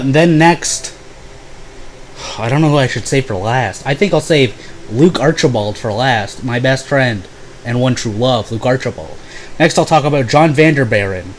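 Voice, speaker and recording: A young man recounts college life in a casual, sarcastic way, swearing freely and mimicking people in brief voices. His pitch sits in an ordinary middle range. A soft air-conditioning hum runs underneath. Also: poor audio. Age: young adult. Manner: sarcastic, profane, quick mocking voices for others. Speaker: vlogger. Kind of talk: casual storytelling vlog.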